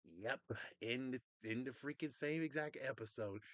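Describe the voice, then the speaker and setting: A man in the middle of a rambling, frustrated rant, with lots of swearing and quick quoted asides. He sits at a middling pitch. The recording is dry and close, with no room sound. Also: no echo. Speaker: vlogger. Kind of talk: casual rant to camera.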